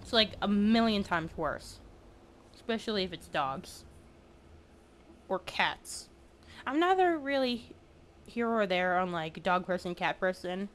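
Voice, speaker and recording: Animated chatty woman streamer. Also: mid-range voice, a little slow, pauses often, slight background noise. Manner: chatty, animated, exaggerated reactions. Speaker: gameplay streamer. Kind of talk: let's play commentary.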